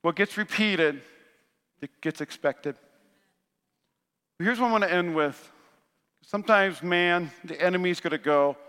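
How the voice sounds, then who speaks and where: High bright-voiced guy preaching a sermon, acts out the quotes, goes loud then real quiet, big echoey church hall. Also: a little slow, pauses often, smooth. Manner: storytelling, acting out quotes, swings from loud to hushed. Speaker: pastor. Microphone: handheld microphone. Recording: live sermon with long hall reverb.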